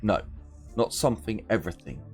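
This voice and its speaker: A man's voice: lowish voice, animated, brisk, soft background music. A man voicing a frightened, grieving woman survivor, talking anxiously and urgently. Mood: distraught.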